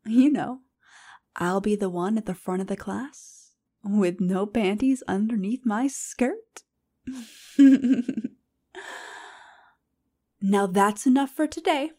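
A woman's voice: mid-range voice, natural voice. A woman playing a sultry lecturer, whispered role-play. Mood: teasing, playful. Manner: slow, breathy, sultry murmuring with soft sighs. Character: flirtatious teasing female lecturer, adult.

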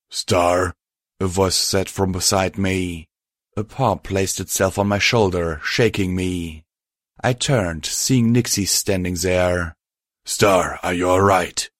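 A man narrating a story aloud in a steady, even storytelling manner. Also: low voice, no echo, studio quality. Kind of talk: scripted audiobook narration.

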